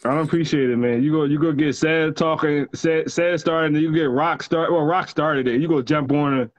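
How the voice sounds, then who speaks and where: A man's voice: a little high, steady tone, brisk, no echo. A man with a Virginia accent calling into a podcast, casual and laid-back, dropping "yo" constantly. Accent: Virginia (757 area). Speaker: call-in guest. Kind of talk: casual chat.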